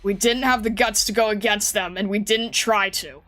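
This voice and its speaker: Woman voicing a gruff wary farmer man. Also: medium pitch, steady tone, normal speed, fairly bright tone, faint music behind, lightly acted. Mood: grumbling. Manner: gruff, blunt and grumbling. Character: wary, defensive middle-aged male farmer.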